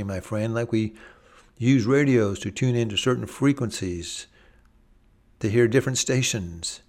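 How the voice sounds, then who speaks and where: A man's voice: fairly low pitch, a little mellow. A man preaching a sermon, earnest, with varied pacing, briefly acting out voices from the stories he tells. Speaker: pastor.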